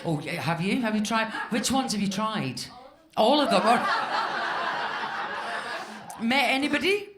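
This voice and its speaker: A woman in her fifties from Scotland works a club crowd with a stand-up set, her pitch swinging up and down as she chats. She is chatty and self-mocking, and the echoey room carries bursts of audience laughter behind her. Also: very animated, a little slow, long pauses, very noisy. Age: 50s. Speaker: stand-up comedian. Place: comedy club stage.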